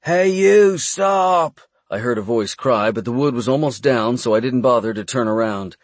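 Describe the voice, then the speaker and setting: A man reading a first-person fantasy adventure audiobook in a brisk storytelling manner. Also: mid-range voice, steady tone, dry recording. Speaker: audiobook narrator.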